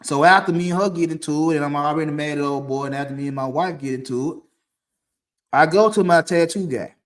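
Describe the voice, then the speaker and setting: A man with a fairly high voice talks quickly while hosting a talk stream from a dim room, speaking to camera through a streaming setup mic. He rambles through a personal story in a loose, conversational way, often restarting and laughing.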